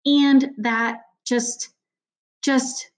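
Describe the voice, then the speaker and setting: A woman reading a sharp-tongued teenage girl's lines in an audiobook, loud and challenging. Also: high-pitched, steady tone, extremely slow, voice pushed up. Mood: earnest.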